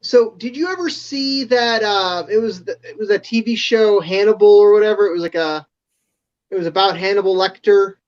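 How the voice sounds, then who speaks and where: A man's voice: high-pitched, moderate pace. A man chatting casually as a podcast guest, telling stories loosely with hesitant fillers and some swearing. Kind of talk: casual chat. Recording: slightly dull, lo-fi sound.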